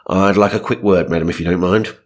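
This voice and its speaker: A man voicing a stiff, formal male village policeman in an officious, husky low voice. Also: fairly even intonation, fast talker, close to an everyday voice.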